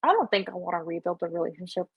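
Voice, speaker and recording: A woman's voice: fairly low pitch, animated, racing, dull audio, a crowd in the background. A young woman from Canada with a light Ontario accent, hosting a casual podcast chat and rambling with lots of "like". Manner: rambling, heavy on filler "like". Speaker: podcast host.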